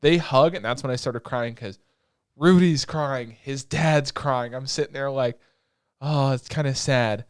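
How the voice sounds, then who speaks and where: A young man co-hosting a podcast, recapping anime in a rambling, excitable way with lots of filler words and swearing. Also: medium pitch, a little slow, smooth, no room sound, clean studio sound. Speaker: podcast co-host. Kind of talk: casual chat recapping anime episodes.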